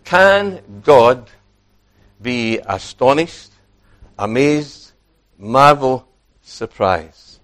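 A man preaching a sermon, animated, acting out quoted speech and putting questions to his listeners. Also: medium pitch, drawn-out words, long pauses.

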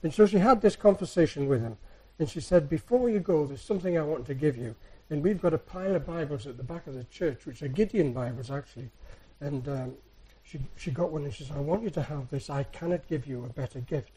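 Soft-spoken man telling church stories. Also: on the high side, fairly quick, few pauses, slightly rough, rough recording. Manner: soft-spoken, rambling storyteller. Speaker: church speaker. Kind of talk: anecdotal sermon.

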